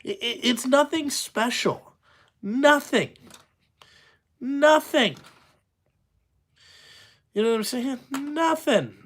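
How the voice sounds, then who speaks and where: A man's voice: very high-pitched, slow, long pauses, a bit bright. Male trucker vlogger, casual rant: blunt, foul-mouthed, exasperated, rambling with lots of fillers. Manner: profane, blunt, exasperated ranting with many fillers; talks in loose run-on asides, asks "you know what I'm saying?". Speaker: truck driver, channel host. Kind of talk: casual ranting vlog.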